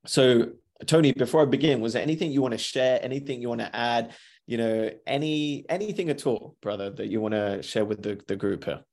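A man's voice: medium pitch, fairly quick, darkish tone. A man hosting a live motivational podcast, upbeat and chatty, repeating his greetings and talking himself through his morning. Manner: upbeat, repeats greetings, self-talk asides. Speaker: podcast host.

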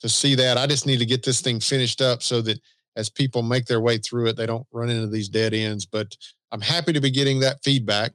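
A man's voice: medium pitch, steady tone, a little fast, fairly bright tone, no echo. A man with a Southern US accent co-hosting a podcast in easygoing, self-deprecating casual chat. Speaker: podcast co-host.

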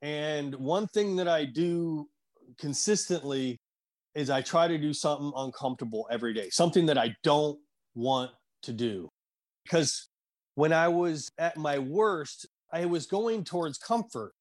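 Earnest man, somewhat high voice, halting, emotional storytelling. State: choked up at times. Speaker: guest. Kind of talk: personal storytelling in conversation.

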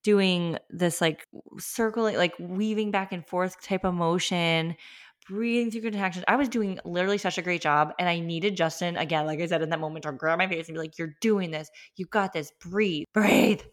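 A woman's voice: fairly low pitch, steady tone, a little fast. A young adult woman hosting a podcast, telling a personal story in a chatty, emphatic way full of "like". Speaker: podcast host.

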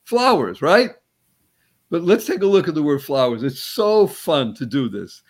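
A man giving an animated, uplifting motivational talk as a guest. He quizzes his listener playfully and slows and stretches words to stress a point. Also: on the high side, breathy edge. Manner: playful, teacherly, quizzes the host; spiritual, uplifting tone. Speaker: guest speaker.

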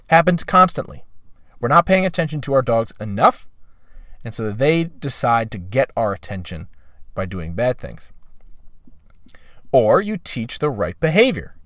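A man gives an emphatic talk about dog training, hammering his points home by repeating key phrases. His voice sits at a middle pitch. It is recorded dry, with no room echo. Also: animated, normal speed, long pauses.

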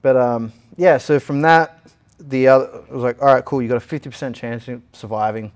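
With a clean-toned, mid-range voice and a fairly quick pace, a young Australian interview guest works through a long personal story. He retells it with animation, voicing the other people's lines himself.

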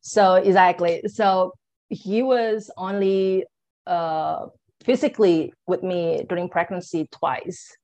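A young woman speaks as an interview guest, her voice sitting a little lower than most. She tells her own story with energy, acting out the lines she and others said, and her phrasing runs loose with casual fillers. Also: slow. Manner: animated, acts out her own and others' words in quotes; loose phrasing with many "like" and "you know" fillers. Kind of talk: personal storytelling in conversation.

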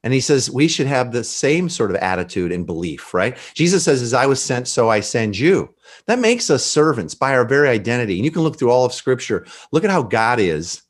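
A man speaks in a conversational interview about faith, animated and a bit preachy. He often slips into quoting scripture and acting out dialogue in other voices. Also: medium pitch, brisk. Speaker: pastor guest.

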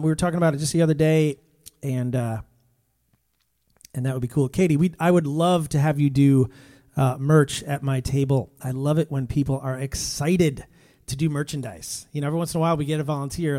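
Chatty high-voiced male live-stream host. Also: a little fast, warm tone. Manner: chatty, reads out viewer comments, talks to his pet. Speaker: Christian musician hosting a live stream. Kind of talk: casual live-stream chat. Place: room in his home. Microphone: phone.

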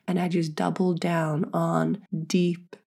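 A woman's voice: on the low side, little pitch movement, takes it slowly, creaky, darkish tone. A pregnant woman frankly telling her own birth story, earnest and swearing freely. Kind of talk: candid personal storytelling.

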